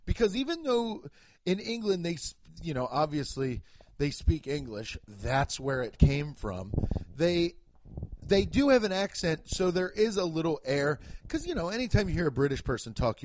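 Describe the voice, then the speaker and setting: A man doing a stand-up comedy routine, ranting in an animated, profane way. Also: a little high.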